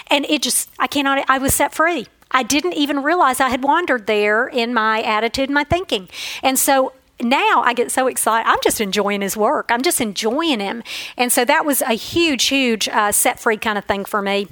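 A woman's voice: high-pitched, normal speed, a bit bright, no echo, low-quality recording. A woman giving an earnest, emotional devotional Bible teaching, telling stories from her own life.

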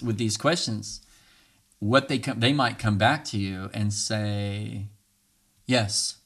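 This is a relaxed advice monologue from a man coaching people on relationship communication. He performs both sides of tough conversations in shifting voices, lively and quick to laugh.

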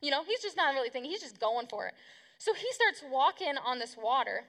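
A woman's voice: high voice, sing-song, brisk, fairly bright tone, long reverb tail. A woman preaching a casual youth sermon, chatty and slangy, acting out the people she talks about. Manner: chatty, slangy, acts out quotes. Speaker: youth pastor.

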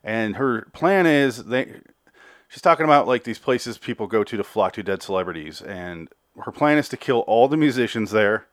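A man's voice: on the low side, animated, moderate pace, no room sound, studio quality. A man hosting a podcast, casually recapping and reviewing a TV episode, out of breath, profane and rambling. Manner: profane, rambling, repeats words when restarting. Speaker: podcast host.

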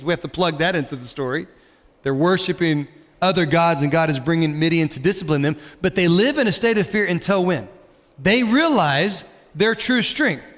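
A male pastor delivers a sermon in a church sanctuary, his slightly high voice carrying a long hall reverb. He talks in a conversational way and tosses questions out to the congregation. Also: a bit bright.

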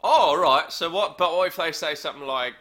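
A man hosting a comedy show with dry, teasing, deadpan banter. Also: fairly high pitch, brisk. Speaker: comedy podcast host.

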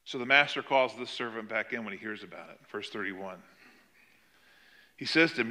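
A man preaching a sermon, retelling a parable with animated emphasis. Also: fairly low pitch, normal speed, long pauses. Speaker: pastor.

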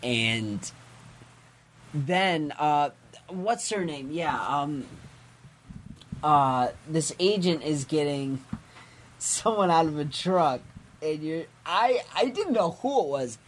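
Slow-talking rambling male podcast co-host. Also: fairly high pitch, lively intonation, a little hiss or hum. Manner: rambling with frequent fillers and self-corrections; acts out characters' lines. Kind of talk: casual chat recapping a comic.

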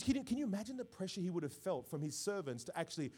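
A man preaching a sermon as pastor, swinging from quiet reflection to loud, emphatic bursts. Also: high voice, very animated, very fast, few pauses, slightly rough. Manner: preaching with rising bursts of volume and call-outs.

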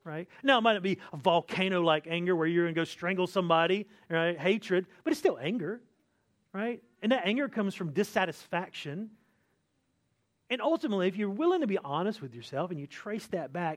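A man's voice: sits high, animated, fairly quick. A pastor preaching a sermon in a conversational way, often checking in with his listeners by asking "right?". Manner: acts out complaining voices with sighs.

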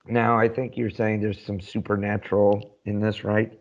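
Low-voiced man with dry teasing. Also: little pitch movement, normal speed, lo-fi sound. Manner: dry, teasing, hesitant with fillers. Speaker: podcast co-host. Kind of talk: casual chat.

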